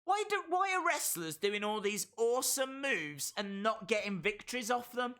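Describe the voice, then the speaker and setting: A man giving excitable live play-by-play reactions to a wrestling match, bursting into shouts at big moments. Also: sits high, moderate pace. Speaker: wrestling stream host.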